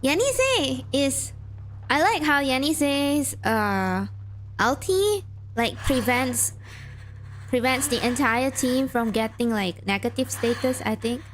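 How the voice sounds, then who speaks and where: A woman with a fairly high voice chats her way through a game stream, drifting between comments and half-read lines of story text. She thinks aloud with plenty of fillers and trailing sentences, and a faint hiss sits under her voice. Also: animated, takes it slowly.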